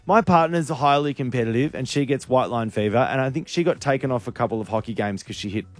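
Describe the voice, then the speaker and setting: A man's voice: medium pitch, fast. A man with an Australian accent co-hosting a radio show in a studio, bantering and teasing. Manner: teasing, jokey. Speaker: radio co-host.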